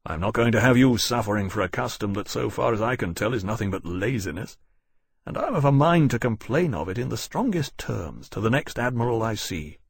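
A courteous, kind captain speaks in a low, gentle and formal way, slightly husky. A man voices him in an audiobook. The sound is dry and close. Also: animated, a little fast, dry recording, full character voice. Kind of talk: audiobook narration.

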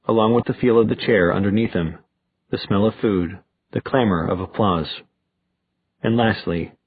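Husky man reading an audiobook. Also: on the low side, normal speed, no room sound. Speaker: audiobook narrator. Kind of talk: audiobook narration. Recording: tinny, phone-like dry recording.

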